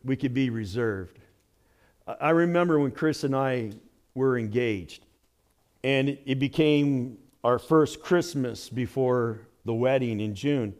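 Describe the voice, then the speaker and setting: Animated preaching man. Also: mid-range voice. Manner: animated preaching, swinging from loud exclamations to hushed asides. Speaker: pastor. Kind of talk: sermon.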